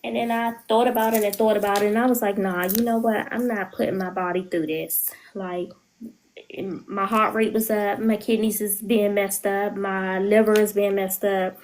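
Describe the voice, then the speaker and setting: A woman's voice: medium pitch, level tone, moderate pace, slight background noise, poor audio. A woman speaking candidly on a podcast, telling an emotional personal story and often quoting her own words. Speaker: guest. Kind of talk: podcast interview.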